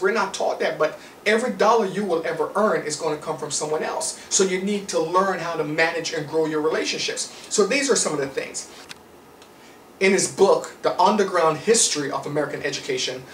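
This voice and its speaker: Jamaican guy preaching about money, kinda high voice, roomy echo, mic a bit far off. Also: a bit bright, a little hiss or hum. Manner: emphatic, preachy, rhetorical. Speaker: motivational speaker. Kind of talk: motivational lecture. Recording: roomy sound from away from the mic.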